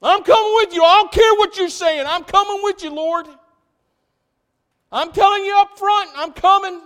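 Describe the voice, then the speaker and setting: A man voicing an impulsive, excitable male disciple who protests loudly in a high, strained voice. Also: normal speed, long reverb tail. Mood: insistent. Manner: shouting, protesting, high-pitched.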